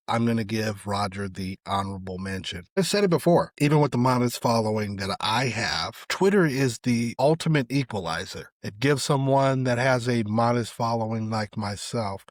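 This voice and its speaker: A middle-aged man hosting a solo podcast, giving casual, opinionated commentary on social media posts. His voice often drops away quietly at the end of phrases. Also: medium pitch, no room sound, studio quality. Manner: conversational, opinionated, trails off quietly at phrase ends. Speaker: podcast host.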